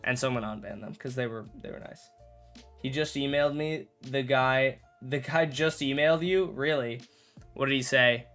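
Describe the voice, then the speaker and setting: A man's voice: medium pitch, moderate pace, fairly bright tone, faint music behind. A young man chatting casually on a live stream while playing a game, rambling, correcting himself and joking with chat. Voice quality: rambling, self-correcting, jokey.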